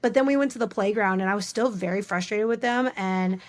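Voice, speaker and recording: A woman's voice: medium pitch, a little fast. A woman in her thirties, a podcast guest, talking openly and telling stories with animation. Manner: open, animated storytelling. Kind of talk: casual interview chat.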